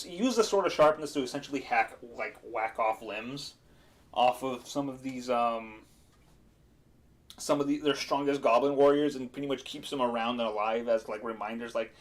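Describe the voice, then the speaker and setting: Man, game master on a chat stream, rambling and chuckling, mid-pitched voice. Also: normal speed. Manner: rambling, with fillers and laughs.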